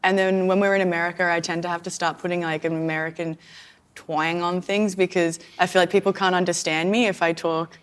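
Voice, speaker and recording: A woman with an Australian accent, hoarse as she recovers from illness, chatting as a podcast co-host. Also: lowish voice, level tone, brisk. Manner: chatty, laughs often. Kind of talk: casual chat.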